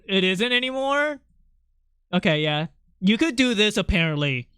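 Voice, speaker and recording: Excitable young man, bright crisp voice. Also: sits high, normal speed, dry recording, clean studio sound. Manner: excitable, laughs often, swears casually. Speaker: art streamer. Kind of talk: casual live-stream chat.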